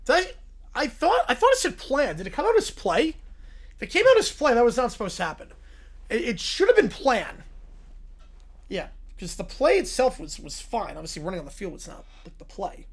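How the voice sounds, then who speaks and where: A man streaming live, reacting to a video with jokey, deadpan asides. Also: very high-pitched, fairly quick. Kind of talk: livestream reaction chat.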